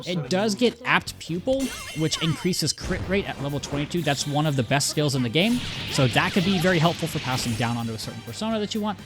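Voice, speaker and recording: A man's voice: on the high side, lively intonation, a little fast, hardly any pauses. A man giving casual let's-play commentary, chatty and rambling, often cutting himself off and laughing. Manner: chatty, rambling, self-interrupting, laughs easily. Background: game music.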